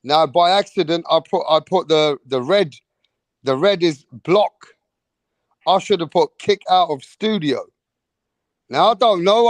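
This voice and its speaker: Heated and exasperated, a man hosting a live online show rants with plenty of profanity, leaning on "bro" and "man" repeatedly. His voice sits high, and the sound has no echo.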